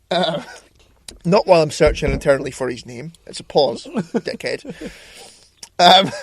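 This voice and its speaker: Lively, sweary male podcast host. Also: fairly high pitch, takes it slowly, vocal fry. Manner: sweary, animated, ranting. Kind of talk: casual banter about film news.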